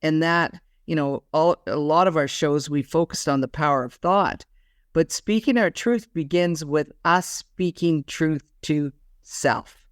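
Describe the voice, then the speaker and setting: A woman co-hosting a spiritual wellness podcast in unscripted chat, animated and often restarting her sentences. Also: deep voice, a little slow, dry recording, clean studio sound. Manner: animated, frequent self-restarts. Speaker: podcast co-host.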